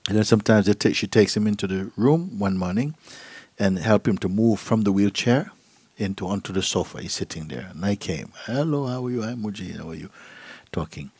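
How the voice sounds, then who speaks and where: Husky low-voiced man teaching gently. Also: lively intonation, no echo. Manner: gentle, unhurried, acts out voices in stories. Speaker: spiritual teacher. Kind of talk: satsang talk, storytelling. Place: gathering hall.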